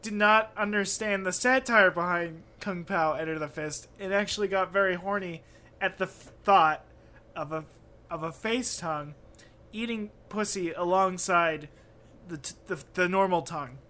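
High, bright-voiced giggly podcast host. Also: male voice, normal speed. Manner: giggly, crude, jokey. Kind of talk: casual comedy chat.

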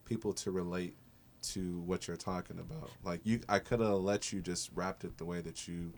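A man's voice: low voice, fairly even intonation, normal speed. A man hosting a casual group interview with students, talking in an encouraging, laid-back, chatty way as their music instructor.

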